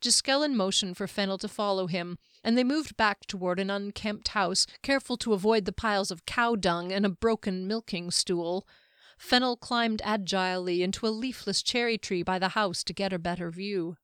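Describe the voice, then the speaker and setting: A woman reading a fantasy novel aloud in a steady, even storytelling manner. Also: medium pitch, moderate pace, clean tone, no echo, studio quality. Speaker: audiobook narrator. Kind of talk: scripted fantasy narration.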